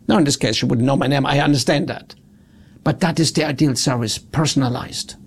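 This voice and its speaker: A man telling a story about customer service in an animated way. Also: mid-range voice, brisk, gravelly. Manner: animated, acts out quotes. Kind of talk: storytelling talk.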